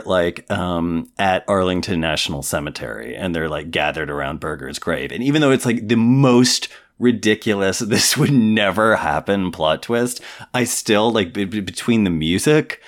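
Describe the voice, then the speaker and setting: Low-voiced man rambling with "like". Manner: rambling storyteller, fills speech with "like". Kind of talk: casual chat.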